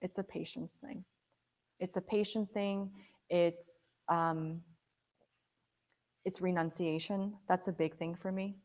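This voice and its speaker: A young woman talks through Buddhist ideas in an easy, chatty way, her voice sitting a little low. She keeps it conversational and livens up when she mimics other people. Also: slow pace, long pauses. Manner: conversational, animated, acts out quoted voices. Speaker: Buddhist teacher. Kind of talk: casual dharma talk.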